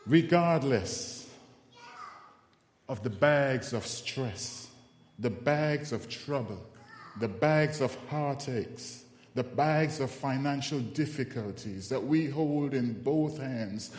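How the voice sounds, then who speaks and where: A man preaching a sermon, telling funny personal stories in an animated, self-mocking way before reciting scripture. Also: mid-range voice, slow pace. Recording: echoey hall with long reverb.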